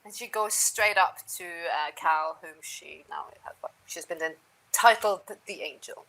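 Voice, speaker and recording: A woman narrating a tabletop game as game master, sometimes dropping to a soft near-whisper. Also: on the low side, measured pace, poor audio.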